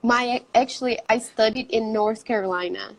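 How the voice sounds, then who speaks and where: Chatty Brazilian-born woman with a high voice. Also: moderate pace, creaky, low-quality recording. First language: Portuguese. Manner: laughs often, lively and chatty. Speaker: English teacher. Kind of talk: casual interview chat.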